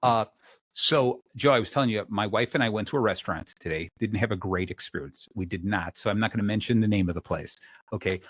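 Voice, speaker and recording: A man hosting a podcast, chatting casually and telling lively stories in which he acts out clerks and waiters. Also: lowish voice, quick pace, dry recording, clean studio sound. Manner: animated storyteller acting out store clerks. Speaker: podcast host. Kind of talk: casual conversation.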